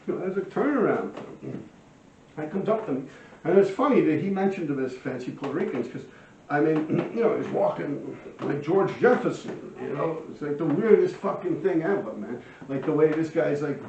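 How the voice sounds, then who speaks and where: Animated, profane man telling street stories. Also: a little high, moderate pace, vocal fry, slight background noise. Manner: animated, profane, heavy slang and fillers. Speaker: storyteller of his own past crimes. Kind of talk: casual street storytelling to camera. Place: at home by a window. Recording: roomy, distant, dull sound.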